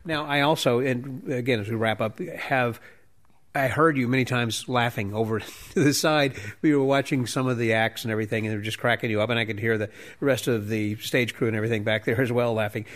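A man's voice: medium pitch, a little fast. A man hosting an interview podcast, asking easygoing questions and wrapping up the talk with his guest. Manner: relaxed, prompts with short questions and backchannels. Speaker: podcast host. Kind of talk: interview conversation.

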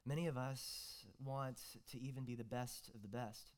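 A man's voice: medium pitch, steady tone, normal speed, a little mellow. A young man, preaching a casual, joking sermon as a guest preacher, full of fillers and restarts.

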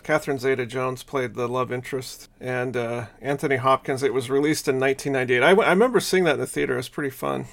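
A man's voice: mid-range voice, fast, creaky, hardly any pauses, a bit bright. A man co-hosting a casual film review chat, talking with enthusiasm and plenty of fillers. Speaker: podcast co-host.

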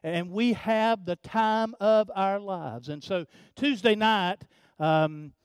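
An older man preaching a sermon, telling a family story in a folksy way, often repeating words and swinging from hushed to loud. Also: high voice, slow, smooth, no echo. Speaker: pastor.

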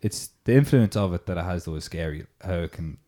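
A man's voice: low-pitched, fairly quick, dark tone. A young man in casual podcast chat, rambling with many fillers. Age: young adult. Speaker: podcast host.

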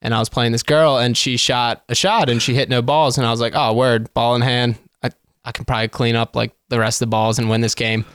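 A man's voice: mid-range voice, little pitch movement, a little fast, fairly bright tone, smooth, no echo. Man, laid-back self-mocking storyteller, dry close sound. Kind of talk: casual storytelling.

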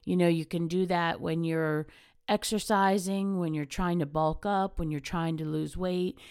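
A woman's voice: fairly low pitch, fairly even intonation, a little slow, a little mellow, clean tone, dry recording, studio quality. A middle-aged woman, hosting a casual motivational monologue as a chatty, candid, self-mocking storyteller. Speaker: podcast host.

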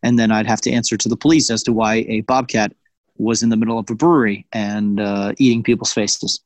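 A man's voice: fairly low pitch, fairly even intonation, a little fast, no echo. A man co-hosting a podcast, telling jokey, exaggerated stories in casual banter. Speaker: podcast co-host. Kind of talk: casual comedic chat.

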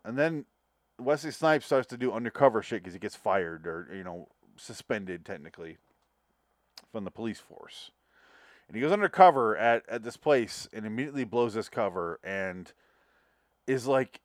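A man's voice: on the low side, animated, moderate pace, no echo, studio quality. A man hosting a podcast, chatting casually about movies with rambling, profane, jokey talk. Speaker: podcast host. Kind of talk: casual movie review chat.

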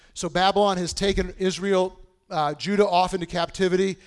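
A man preaching a sermon in a conversational way, dropping to a hush and then rising to loud, emphatic bursts. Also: sits high. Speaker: pastor.

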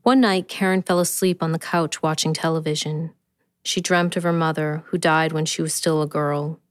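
Woman author narrating her tale; steady, measured; lowish voice, dry close sound. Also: clean tone, no room sound. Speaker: author reading her own story. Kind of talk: scripted narration.

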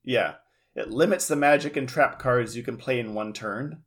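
A man's voice: mid-range voice, normal speed, a bit bright. Easygoing man recapping a show. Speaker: podcast co-host. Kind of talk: casual chat recapping an anime episode.

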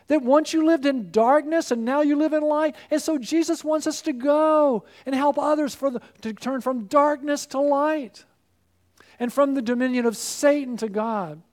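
Male pastor, higher register, earnest sermon delivery that builds to fervent calls. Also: normal speed, a little mellow. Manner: earnest, rising to fervent appeals.

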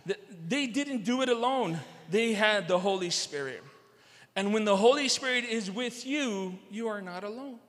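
A man's voice: high voice, fairly bright tone. A male pastor preaching a sermon to his congregation, repeating key phrases for emphasis and speaking to them directly. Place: large church sanctuary. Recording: long hall reverb.

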